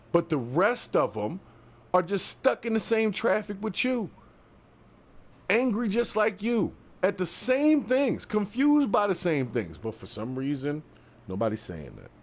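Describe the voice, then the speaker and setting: A man delivering a fired-up ranting commentary monologue to his viewers, swinging between yelling and calming down and often asking if they understand. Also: a little high. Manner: fired-up, repeats "you understand what I'm saying". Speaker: video commentator.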